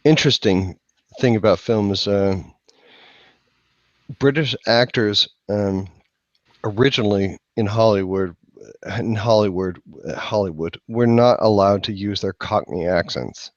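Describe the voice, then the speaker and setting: A man's voice: lowish voice, unhurried, no room sound. A man in casual chat who rambles, restarts and swears, recorded with a dull, dry lo-fi sound. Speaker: podcast host.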